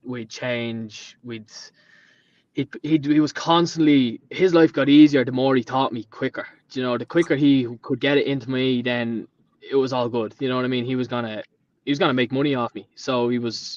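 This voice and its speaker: Casting: dublin tradesman in his late twenties, chatty storyteller, middling pitch, dull lo-fi recording. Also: fairly even intonation, brisk. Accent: Dublin Irish. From Ireland. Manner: rambling storyteller who acts out quoted dialogue. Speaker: podcast guest, painter and decorator. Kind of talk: casual chat. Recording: dull lo-fi sound.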